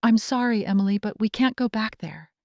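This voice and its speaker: A woman voicing a middle-aged divorced man who speaks in a measured, gentle, composed way. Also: fairly high pitch, gravelly, no echo, dull audio.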